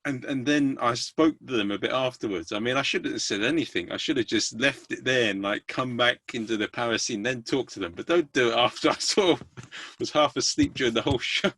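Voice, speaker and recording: A man's voice: medium pitch, fairly quick, a bit bright, no room sound. A man hosting a podcast, chatting casually in a hesitant, rambling way with many restarts. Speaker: podcast host. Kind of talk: casual interview chat.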